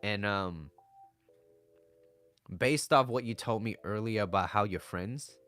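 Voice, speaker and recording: A man's voice: on the low side, slow, fairly bright tone, faint music behind. A young man talking casually as a relationship coach, blunt and profane, acting out what people say in quoted voices.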